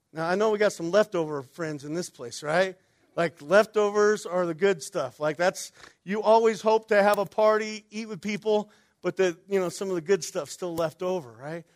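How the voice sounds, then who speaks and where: A man with a notably high speaking voice delivers a relaxed, conversational sermon. He keeps checking in with his listeners with quick "right?" tags and questions to the congregation. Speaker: pastor.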